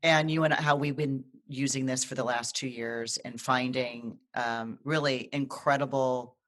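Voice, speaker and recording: An astrologer co-host chatting casually on a live video. The voice sits at a middling pitch and tells stories animatedly, often stopping, restarting and repeating words. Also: steady tone, unhurried, fairly bright tone. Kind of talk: casual live video chat, telling a personal story.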